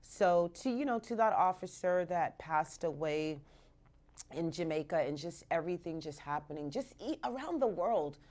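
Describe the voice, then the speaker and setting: A woman radio host from Canada chats on air in a low-pitched, loose, animated way. She tosses in bits of Jamaican patois as she talks to listeners from the studio. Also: normal speed. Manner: chatty and animated, mixing in Jamaican patois phrases. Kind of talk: casual live radio talk.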